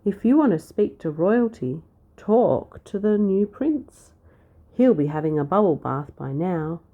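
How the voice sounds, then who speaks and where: A woman's voice: on the low side, expressive, a little slow, phone-quality sound, voice pushed up. A woman voicing a mischievous, bossy young girl shepherd in a read-aloud storybook, snapping and telling sweet little lies. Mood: snappy. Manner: sharp, snappy and fibbing sweetly.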